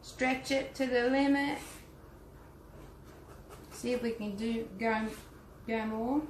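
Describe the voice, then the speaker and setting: Speaking slowly with a voice on the high side and fairly even intonation, an Australian art teacher-vlogger paints while casually chatting to her live audience. Her asides are friendly and instructive, and the audio has roomy echo plus a faint hum.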